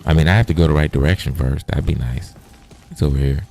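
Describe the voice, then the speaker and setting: Very deep gravelly man, profane and playful. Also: fast talker, warm tone, faint music behind. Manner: profane, playful, chats to viewers. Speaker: gaming streamer. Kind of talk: casual livestream gameplay chat.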